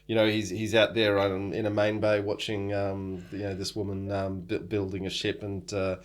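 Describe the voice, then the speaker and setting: Aussie guy on a book podcast, lowish voice, lots of ums, thinks as he talks. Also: completely flat delivery, moderate pace. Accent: Australian. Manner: thoughtful, hesitant, many ums. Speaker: podcast co-host. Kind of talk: casual book-club chat.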